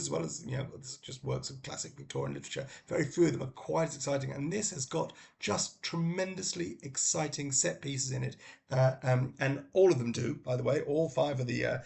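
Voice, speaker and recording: A man's voice: fairly high pitch, creaky, a little mellow. A middle-aged man casually recommending books, talking in a rambling way with many ums and restarts. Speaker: book vlogger.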